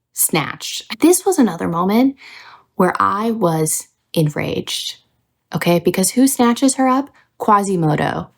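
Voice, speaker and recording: Gravelly, low-voiced woman ranting casually. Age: young adult. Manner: ranting, profane, animated. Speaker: book review host. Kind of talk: casual video essay.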